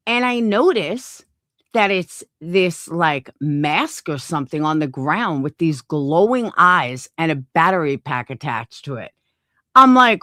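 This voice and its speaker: A woman's voice: lowish voice, sing-song, normal speed, sharp tone, no echo, studio quality. A middle-aged woman hosting a livestream, telling a story in casual chat and swearing a lot. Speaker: livestream host.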